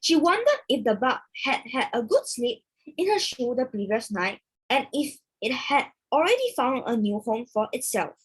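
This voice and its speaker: A young female student reads a story aloud for oral exam practice. Her voice is high and lively, a little husky, and she takes her time over each line. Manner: slow, careful, expressive reading. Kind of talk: reading a passage aloud.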